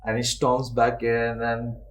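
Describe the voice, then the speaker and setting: A man's voice: medium pitch, monotone, slow pace, poor audio. A young man, casually telling a ghost story on a podcast and swearing freely. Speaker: podcast host.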